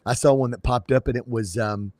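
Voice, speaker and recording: A man's voice: mid-range voice, fairly quick, dry recording, clean studio sound. A man co-hosting a podcast, chatting casually about sports with frequent restarts and playful impressions. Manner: animated, restarts, breaks into comic impressions. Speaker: podcast co-host.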